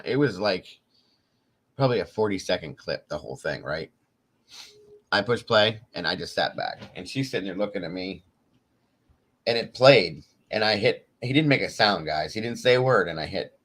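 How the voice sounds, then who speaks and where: A man's voice: sits low, fairly bright tone. A man hosting a show, telling a story in a casual, chatty way, laughing now and then and swearing freely. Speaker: host.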